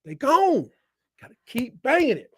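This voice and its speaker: A man hosting a live football watch-along, shouting at big plays and talking in casual slang. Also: very high-pitched, huge pitch swings, unhurried, noisy background. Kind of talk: excited game-watch commentary.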